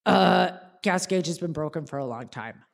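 Lady doing her dad, shrugging everything off, kinda high for a guy, full of uhs. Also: moderate pace, a bit bright. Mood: unbothered. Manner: casual shrugging delivery with fillers. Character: easygoing careless middle-aged father, unbothered.

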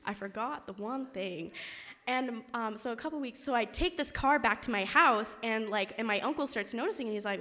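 A young woman spins a personal story for a live crowd, loose and rambling with plenty of "like" and "um". Her voice sits a little high and rings bright. The sound carries a long, echoing tail from a large hall. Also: moderate pace. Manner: chatty, filler-heavy, many "like"s.

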